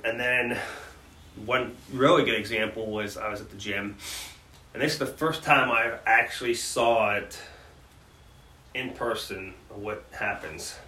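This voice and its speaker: A man's voice: lowish voice, a little slow, sharp tone. A man in conversation on a podcast, earnestly recounting hard memories with frequent restarts. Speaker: podcast co-host. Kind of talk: personal storytelling in conversation. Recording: roomy sound from a distant mic with faint background noise.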